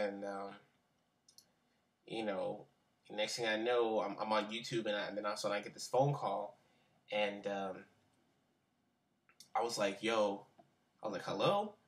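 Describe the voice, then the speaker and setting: A young man with a lowish, fairly bright voice tells a story during a webcam interview. His delivery is loose and slangy, rambling with lots of fillers and restarts.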